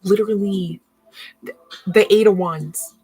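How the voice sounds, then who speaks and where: A woman giving live tarot readings to viewers, excitable and thinking aloud as she turns cards. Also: medium pitch, unhurried, husky, soft background music, poor audio. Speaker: tarot reader.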